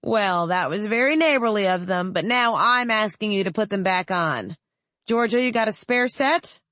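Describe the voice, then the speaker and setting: A woman voicing a blustering, booming older male senator in an audiobook, folksy in manner. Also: animated, normal speed, a bit bright, no echo, natural voice.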